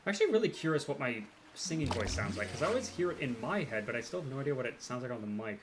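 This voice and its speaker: A baritone man chatting casually and a little self-deprecatingly while livestreaming a game. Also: big pitch swings, racing, background noise. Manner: rambling, self-deprecating, playful. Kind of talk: casual chat while gaming.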